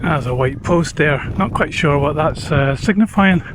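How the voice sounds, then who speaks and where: A man narrating his hill walk casually to the camera, relaxed and self-deprecating, pausing often on "uh" while outdoors on an open hillside. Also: on the high side. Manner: chatty, relaxed, self-deprecating, with frequent "uh" pauses. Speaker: hiking vlogger. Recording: outdoor recording with wind noise.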